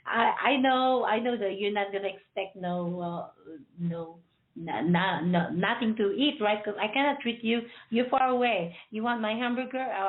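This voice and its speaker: A woman hosting a radio show, chatting casually and jokingly before it starts, rambling and laughing at her own jokes. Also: mid-range voice. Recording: tinny phone-like line.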